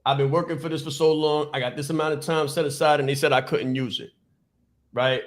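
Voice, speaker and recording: Fast, fired-up motivational man. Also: a little high, fairly even intonation. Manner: fast, repetitive, emphatic preaching. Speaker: podcast host and business coach. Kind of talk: motivational speech.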